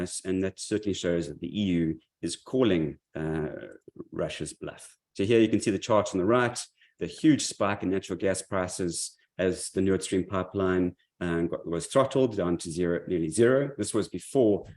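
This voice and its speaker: A deep, darkish-toned male presenter gives a monthly market update. He speaks loosely, with many fillers and restarts.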